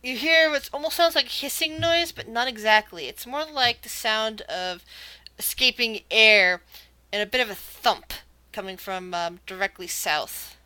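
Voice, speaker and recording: A woman's voice: a little high, measured pace, pushed and bright, dry recording. A woman running a tabletop game as game master, narrating scenes and often restarting her sentences.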